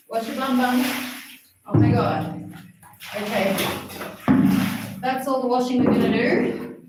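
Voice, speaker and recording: A woman's voice: high voice, recorded from a distance, noisy background. A woman on a livestream chatting and coaxing her cats through a wash in a small bathroom, breathless and exasperated. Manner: fussing and coaxing pets, exasperated. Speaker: vlogger washing her cats. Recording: very echoey bathroom, off-mic.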